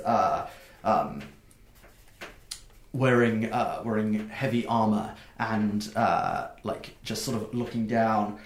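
A man narrating a tabletop game as game master, describing scenes with many pauses and fillers. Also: lowish voice. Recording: echoey room.

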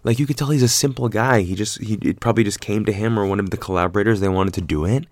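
Low-voiced man telling a profane story. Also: quick pace, dry recording. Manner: rambling, profane, animated retelling with quoted voices. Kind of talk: casual storytelling.

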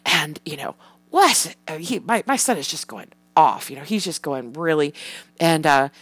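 A woman's voice: sits low, animated, moderate pace, husky, no room sound. A mother chatting casually about parenting, rambling with lots of fillers and the odd swear word. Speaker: parent sharing parenting tips. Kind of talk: casual chat.

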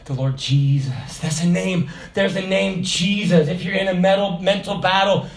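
A man preaching a sermon, telling a personal story and swinging from low, quiet passages to raised, shouted exhortation. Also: normal speed.

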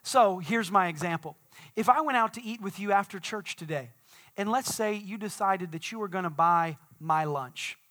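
A man preaching a sermon as pastor, swinging from quiet explanation to shouted declarations. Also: sits high, normal speed. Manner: dynamic preaching, swelling to shouts.

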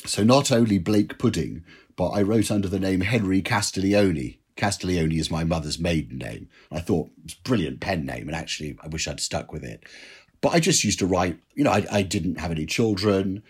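A man from England, a writer being interviewed, telling stories in an animated, self-deprecating way with lots of "you know". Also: sits low, normal speed, breathy edge. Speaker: guest, drinks writer. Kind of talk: conversational interview answers.

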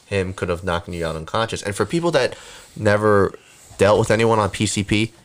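A man hosting a casual conversation, jumping in quickly to finish and extend his guest's points. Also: on the low side. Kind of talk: casual chat.

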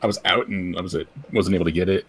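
Low-voiced man making joking asides. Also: steady tone, very fast, breathy edge. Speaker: podcast host. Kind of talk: casual podcast chat.

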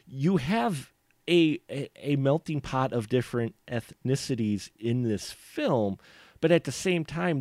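A man's voice: medium pitch, darkish tone, no room sound. Midwest guy on a movie podcast, laughs a lot, goes off on tangents, dry close sound. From upper Midwest US. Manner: rambling, laughing, digressive. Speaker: podcast co-host. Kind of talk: casual film discussion.

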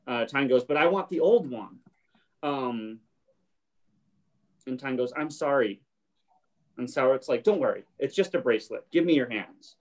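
A man recaps a show scene in casual conversation, trailing off into fillers and acting out short bits of dialogue. His voice sits at a middle pitch. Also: lively intonation, normal speed, pauses often. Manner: retells scenes, briefly acting out lines. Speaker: podcast host.

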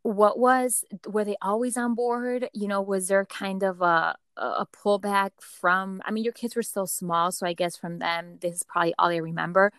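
A woman's voice: medium pitch, fairly even intonation, moderate pace, hardly any pauses, fairly bright tone, dry recording. A woman in her thirties hosting an interview, encouraging and asking long rambling questions. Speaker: host. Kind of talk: casual interview conversation.

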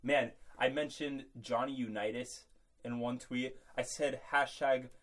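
A man's voice: medium pitch, steady tone, measured pace, fairly bright tone. Young guy chatting sports on his podcast, laughs a lot. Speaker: podcast co-host. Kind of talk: casual sports chat.

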